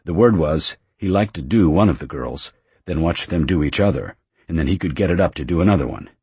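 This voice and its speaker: Deep gravelly guy reading an audiobook, measured, dry close sound. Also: animated, a little mellow, dry recording. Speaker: audiobook narrator. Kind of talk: scripted narration.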